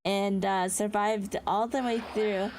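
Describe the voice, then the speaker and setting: A woman streamer chatting excitedly with her live chat, bubbly and quick to laugh. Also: medium pitch, over a noisy crowd. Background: background music.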